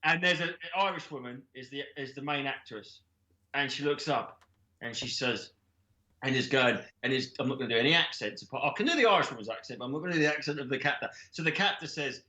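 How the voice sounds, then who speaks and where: Man, comedian, rambling, swearing, bright voice, echoey room. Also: medium pitch, fast. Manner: rambling, swearing, laughing a lot. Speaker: comedian guest. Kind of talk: improvised comic storytelling.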